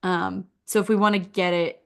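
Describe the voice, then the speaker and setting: A woman walking through a website critique in a relaxed, conversational way. She talks casually and encouragingly, filling her sentences with "like" as she thinks aloud. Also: mid-range voice, moderate pace, vocal fry. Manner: chatty, encouraging, uses "like" a lot. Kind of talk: casual screen-share critique.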